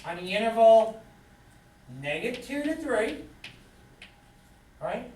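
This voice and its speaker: A man teaching math in a classroom, lecturing lively and quizzing his students with questions as he goes. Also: very high voice, takes it slowly, a little hiss or hum. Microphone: camera far from the speaker. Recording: echoey classroom from far off.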